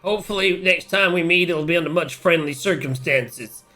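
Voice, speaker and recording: A man's voice: fairly high pitch, normal speed, sharp tone, faint music behind. A man playing a tabletop game who stammers and repeats words while speaking in character and out. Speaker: player. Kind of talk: casual tabletop game play.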